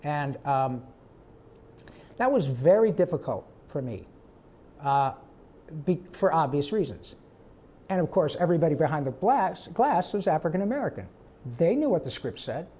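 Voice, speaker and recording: A voice actor answering audience questions at a live panel, animated and quick to slip into character voices. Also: male voice, fairly high pitch, husky. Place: event stage before a live audience.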